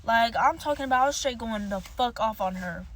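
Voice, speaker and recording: A woman's voice: fairly high pitch, lively intonation, a little fast, slight background noise. A young woman telling a storytime monologue, heated, profane and rambling.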